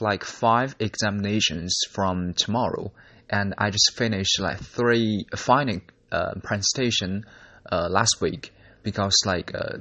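A young man who is not a native English speaker, a university student talking casually in a vlog, halting with many fillers and restarts. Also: fairly low pitch, bright, forceful tone, highs cut off. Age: young adult.

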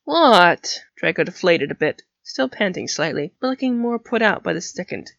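A woman narrating an audiobook in an even, steady manner. Her voice sits a little low with a gravelly edge. The recording is dry and dull. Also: a little fast, no echo. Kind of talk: audiobook reading of fan fiction.

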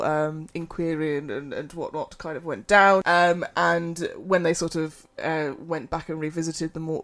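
A woman hosting a casual true-crime podcast, reading case notes with lots of fillers and restarts. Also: sits low.

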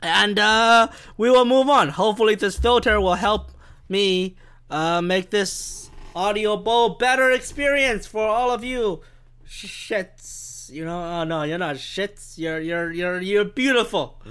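This solo podcast rant comes from a host at home in Vancouver, who rambles, curses and mocks himself while holding the handheld mic too far away. The mid-range voice is unhurried, slightly bright, clear and resonant.

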